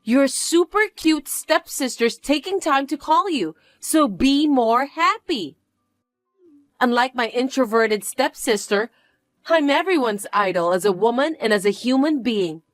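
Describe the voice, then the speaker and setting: A woman voicing a vain, bratty young stepsister who talks down to her sister in a high, smug tone. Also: lively intonation, a little slow, no echo, faint music behind. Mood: scornful.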